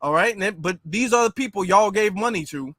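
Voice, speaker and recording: A man giving casual, sarcastic commentary in an animated, mocking way. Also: high voice, brisk, no room sound, clean studio sound.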